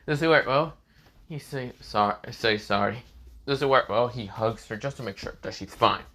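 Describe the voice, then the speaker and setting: A man casually retelling a fan story, halting, with many fillers and self-corrections. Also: medium pitch, pushed and bright. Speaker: narrator.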